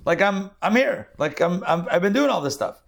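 Man voicing a middle-aged husband, baffled, protesting, higher voice. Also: expressive, moderate pace, creaky.

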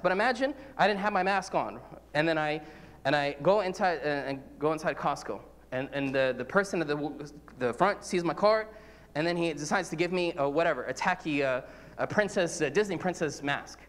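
A man's voice: high voice, big-room sound. A man, a priest, preaching an earnest, conversational sermon, full of repetitions and everyday examples.

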